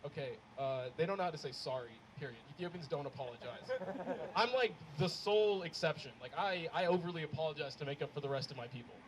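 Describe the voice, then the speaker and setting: A man's voice: a little high, fast talker. A man performing a stand-up comedy set live, acting out family arguments with big swings in his delivery. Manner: animated, acts out family quarrels with big swings. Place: live comedy show before an audience. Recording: crowd laughter over a noisy live room.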